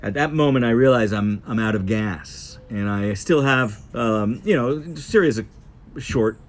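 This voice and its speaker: A man casually telling a travel story as host, in an animated, rambling present-tense way. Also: medium pitch, a little slow.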